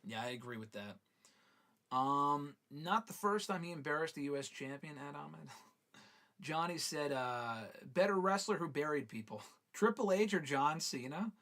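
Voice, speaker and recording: An animated man hosts a live question show, his pitch swinging widely as he chats. He reads fan questions aloud and answers with casual swearing, in a voice sitting a little above the usual male range. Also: unhurried.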